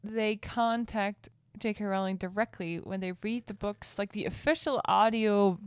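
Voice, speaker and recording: A woman's voice: mid-range voice, a little slow, clean tone, no room sound, clean studio sound. Curious, giggly woman. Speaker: podcast co-host. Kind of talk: casual chat.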